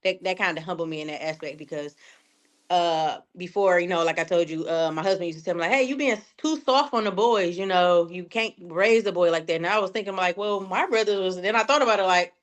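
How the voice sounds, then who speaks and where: A woman's voice: lowish voice, steady tone, fast. A woman in her thirties from Detroit, a podcast guest chatting casually, full of fillers and acted-out quotes. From Detroit, USA. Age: 30s. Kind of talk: casual chat.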